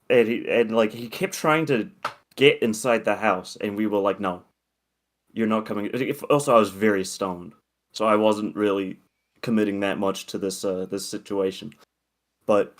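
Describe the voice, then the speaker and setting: A young man with a lowish voice spins a long, loose story between frequent laughs. He rambles and swears freely in relaxed podcast chat. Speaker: podcast co-host.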